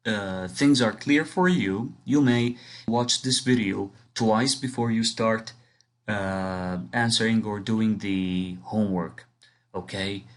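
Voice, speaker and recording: In a recorded online lesson, a man with a lowish voice teaches English grammar. He explains patiently, rephrases his points, and reads example sentences aloud with marked stress.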